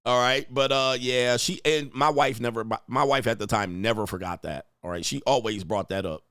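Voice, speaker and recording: A man's voice: medium pitch, normal speed, fairly bright tone, dry recording, clean studio sound. A man hosting reaction commentary on video clips, crude, joking and rambling.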